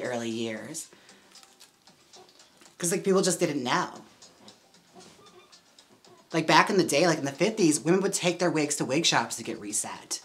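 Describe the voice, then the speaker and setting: A woman hosting a casual livestream while styling a wig. She is chatty and giggly and says "like" a lot. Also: sits low. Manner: chatty, giggly, heavy use of "like".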